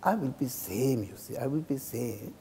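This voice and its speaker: A man who is a Buddhist monk, speaking English with a Tibetan accent as a second language. He teaches a class in halting English and keeps checking in with his students by asking "okay?". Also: medium pitch, very animated, mellow, breathy edge. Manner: acts out insults and praise with a laugh. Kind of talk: dharma class lecture. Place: teaching room in a cultural center. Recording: reverberant hall.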